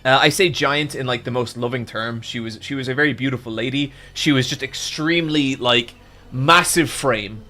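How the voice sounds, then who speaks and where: A young man telling a long, animated story to his stream chat, swearing often and stumbling over restarts. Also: mid-range voice, normal speed, faint music behind. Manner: animated, swearing, with frequent restarts and "I'm like" quotes.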